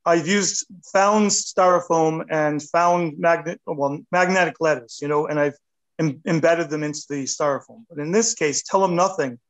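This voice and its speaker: A man in his fifties chats as an interview guest, rambling and self-deprecating. His voice sits a little high for a man. He gets animated as he talks. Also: moderate pace, low-quality recording. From United States. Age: 50s. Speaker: artist guest. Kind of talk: casual interview chat.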